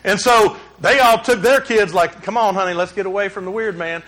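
A man preaches through a personal story. His voice sits high and sounds bright and ringing. He tells the story with animation and acts out the shouting and dialogue. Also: normal speed. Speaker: pastor. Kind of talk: sermon with personal stories.

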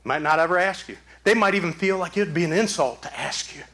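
A man's voice: high voice, a little fast, fairly bright tone. A man preaching a sermon as pastor, emphatic, with repeated phrases. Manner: emphatic, repetitive preaching cadence.

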